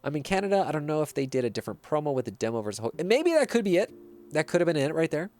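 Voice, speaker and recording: A man's voice: a little high, big pitch swings, racing, a little mellow. A man streaming a video game, chatting casually and reacting to viewer messages. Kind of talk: casual gameplay livestream chat.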